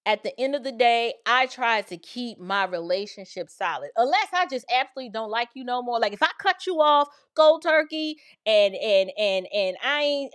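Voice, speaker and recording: A woman hosting her show, telling a personal story in a casual, animated way. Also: fairly high pitch, clear, resonant tone. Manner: animated, quotes people in changed voices. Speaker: show host.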